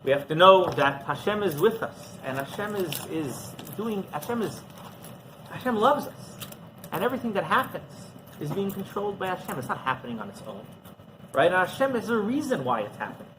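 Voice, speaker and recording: High, lively rabbi telling a story. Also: male voice. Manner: halting, repetitive, conversational. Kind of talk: sermon storytelling. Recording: noisy background.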